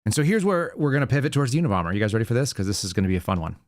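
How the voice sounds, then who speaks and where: A man's voice: medium pitch, very animated, rapid-fire, no echo. Male show host, casual monologue delivery, restarts and repeats words; dry, close sound. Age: adult with young child. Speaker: podcast host.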